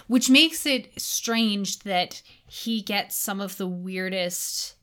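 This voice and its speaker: A woman's voice: medium pitch, slow, a bit bright. A woman co-hosting a podcast, talking in a thoughtful, chatty way with frequent likes and ums. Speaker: podcast co-host. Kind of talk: casual literary discussion.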